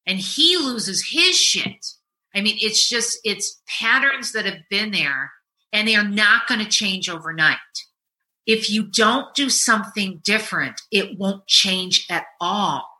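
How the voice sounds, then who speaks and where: A middle-aged woman hosting a podcast as a therapist, telling stories in a casual chat and swinging between loud and hushed. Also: medium pitch, expressive, measured pace, low-quality recording.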